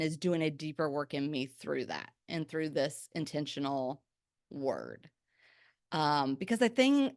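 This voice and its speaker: A woman hosting a faith-based podcast, talking in a chatty, energetic way full of "like" fillers. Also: deep voice, no room sound, studio quality. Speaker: podcast host. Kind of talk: faith-based pep talk.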